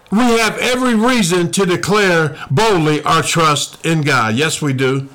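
A man's voice: on the high side, moderate pace, hardly any pauses, sharp tone. A man preaching a sermon, repeating lines and calling the listeners to respond.

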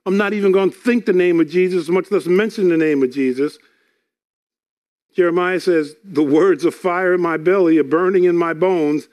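A man's voice: high voice, steady tone, normal speed, darkish tone. A man preaching a sermon, reading scripture aloud and explaining it earnestly, often repeating words.

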